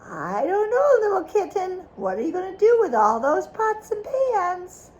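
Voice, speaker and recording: A woman's voice: extremely high pitch, a little slow, muffled recording. A woman reading a picture book aloud to a child, stopping often to ask questions about the pictures. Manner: animated, asks the child questions.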